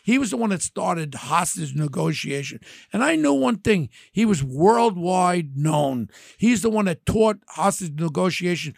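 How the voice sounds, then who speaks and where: Brash older New man, gravelly. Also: high-pitched, measured pace, few pauses, no echo, clean studio sound. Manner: animated, brash storytelling, acts out quotes. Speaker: podcast host. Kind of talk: storytelling chat.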